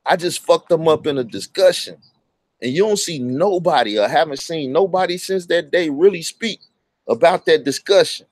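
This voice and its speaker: Man, fairly high voice, blunt and profane, stumbles over words, dry close mic. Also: expressive, moderate pace, darkish tone, no echo. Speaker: online commentator. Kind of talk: casual profane monologue.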